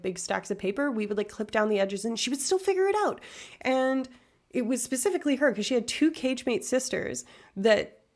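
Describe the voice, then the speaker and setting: Woman in her 30s, livestream host, chatty and rambling, with a gravelly fry in her voice. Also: mid-range voice, darkish tone. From far north Alberta, Canada. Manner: rambling, tangent-prone, self-deprecating. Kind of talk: casual chat reading viewer comments.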